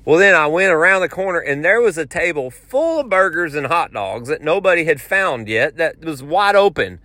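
A man with a drawl rambles through an animated story, tripping over restarts as he goes. His voice is bright and a little tense, set slightly high for a man. It is recorded dry and close, with no room sound. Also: normal speed, no echo. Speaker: podcast host. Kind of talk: casual storytelling.

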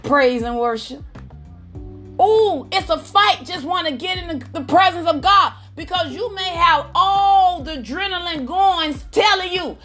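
High-voiced, unhurried woman preaching fervently. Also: lively intonation, a bit bright, soft background music. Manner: fervent, exclamatory, calls out to listeners. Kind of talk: sermon.

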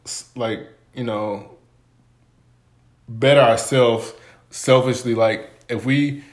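A man's voice: medium pitch, steady tone, takes it slowly. Rambling laid-back man on a podcast. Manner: loose, rambling, lots of "like" fillers, laughs at his own stories. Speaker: podcast co-host. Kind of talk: casual podcast chat.

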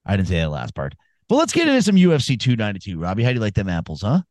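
A man's voice: on the low side, huge pitch swings, rapid-fire, a little mellow, no echo. A man co-hosting a casual sports podcast, telling rambling, profane stories and giving fight picks. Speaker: podcast co-host.

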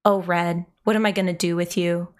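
A woman reading the lines of a heartbroken male raccoon shopkeeper from a fan story, slow and earnest. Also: fairly low pitch, fairly even intonation, lightly acted. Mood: worried.

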